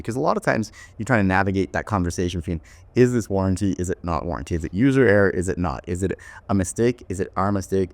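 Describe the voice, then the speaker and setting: A man's voice: low-pitched, dry recording. A man hosting a podcast interview, talking thoughtfully and tagging his points with "right?". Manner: thoughtful, many "right?" tags and restarts. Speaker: podcast host and company owner.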